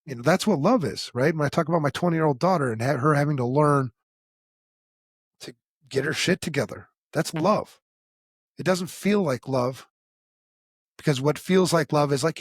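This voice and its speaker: Blunt, profane middle-aged man, husky voice. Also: on the high side, normal speed, long pauses, dry recording, studio quality. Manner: blunt and profane, acting out quoted dialogue. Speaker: podcast host. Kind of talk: candid conversational storytelling.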